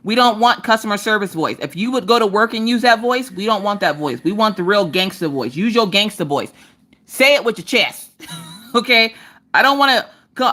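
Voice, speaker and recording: A woman's voice: mid-range voice, brisk. A woman hosting a casual crafting livestream, talking straight to her viewers with sass and lots of energy. She grew up in the eastern United States countryside. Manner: animated, sassy, talks straight to viewers. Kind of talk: casual live chat.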